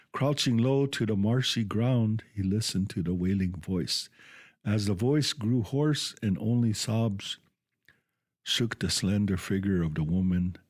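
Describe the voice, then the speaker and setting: A man reading a storybook tale aloud on a radio culture program, halting now and then to restart words. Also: on the low side, darkish tone, husky, no echo, clean studio sound.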